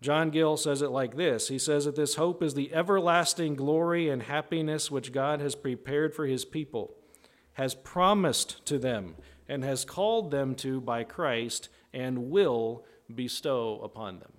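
A man preaching a conversational sermon in a teaching tone, often checking in with "right?" and acting out quoted voices. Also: a little slow. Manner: acts out quoted voices with big pitch jumps.

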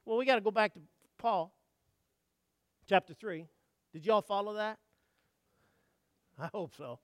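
A man delivers a sermon in a strikingly high, bright voice. He tells homespun stories and asks the congregation questions. His delivery swings from near-whispered asides to loud, emphatic peaks, and the recording is dry, with almost no room sound. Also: normal speed, pauses often, smooth, no echo. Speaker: preacher.

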